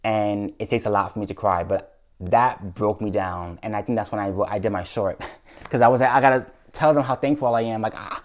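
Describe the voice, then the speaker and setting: A man's voice: lowish voice, fairly quick. A YouTuber man earnestly telling a heartfelt personal story in a vlog, with frequent restarts.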